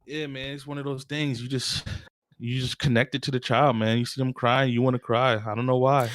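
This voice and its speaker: A man's voice: medium pitch, little pitch movement, moderate pace, fairly bright tone, no room sound. A man co-hosting a podcast who chats in a laid-back, agreeable, slangy way. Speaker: podcast co-host. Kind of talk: casual chat.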